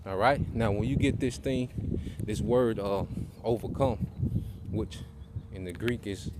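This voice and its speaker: Man preaching casually over loud noise. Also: lowish voice, unhurried. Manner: casual preaching, tags lines with "man" and "okay". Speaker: teacher of a Bible study group. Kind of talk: informal sermon teaching.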